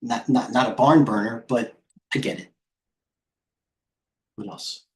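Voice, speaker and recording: A man's voice: medium pitch, steady tone, unhurried, a little mellow. A middle-aged man hosting a live trading stream, tired, rambling off the cuff as he jumps between stock tickers. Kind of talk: live market commentary.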